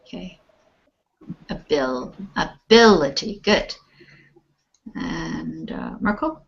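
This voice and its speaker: A woman teaching English pronunciation online, patiently repeating words slowly and clearly for her students. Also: medium pitch, animated, a bit bright, lo-fi sound.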